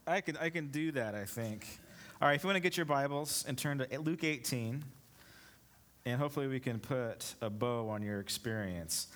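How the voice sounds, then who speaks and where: A man preaching a sermon, easygoing in his asides and slow and deliberate when he reads scripture. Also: mid-range voice, fairly bright tone. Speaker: pastor.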